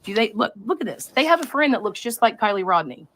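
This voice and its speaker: A woman's voice: fairly high pitch, big pitch swings, quick pace, fairly bright tone. A woman hosting a live stream, talking to her chat in a rambling, conspiratorial way and often interrupting herself. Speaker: livestream host.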